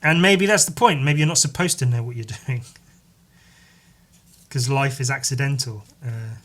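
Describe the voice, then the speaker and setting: Hosting a podcast alone, this man chats loosely, curses without restraint, and leans on "like" and "um" when he pauses. The pitch is medium and the tone reasonably bright.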